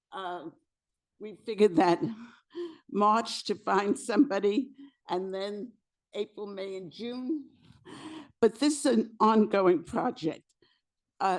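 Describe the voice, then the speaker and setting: A woman who is losing her voice, presenting to a community board as a housing committee co-chair, speaking haltingly with fillers and restarts. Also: medium pitch, darkish tone. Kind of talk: public meeting presentation. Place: community board meeting room.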